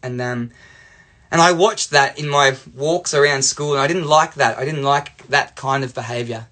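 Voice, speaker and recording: A young Australian man telling a personal story to camera in a chatty, animated way, full of "you know" and "like". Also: mid-range voice, normal speed. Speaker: life coach.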